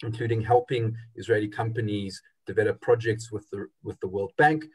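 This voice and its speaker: A man's voice: lowish voice, steady tone, a little fast, a little mellow, husky. A man moderating a webinar, thanking speakers and introducing the next one with frequent hesitations. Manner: hesitant, many uhs.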